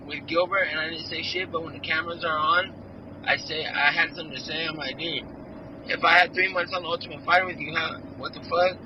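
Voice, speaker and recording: Here the Californian fighter's voice runs on the high side, with the highs cut off and noise behind him. Joining by remote video call as a guest, he rambles through a fired-up story loaded with slang and profanity, the casual, crude style of an interview.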